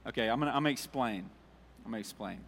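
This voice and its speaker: A male pastor giving a relaxed, conversational sermon, reading scripture aloud and putting questions to his congregation. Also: mid-range voice, rapid-fire, vocal fry, big-room sound, a little hiss or hum. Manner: informal, asks the congregation questions, jokes.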